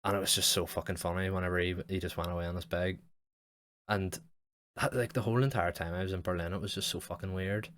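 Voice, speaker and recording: Low-voiced sweary guy. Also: steady tone, fast talker, fairly bright tone. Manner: rambling, sweary, heavy use of "like". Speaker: podcast host. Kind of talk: casual storytelling monologue.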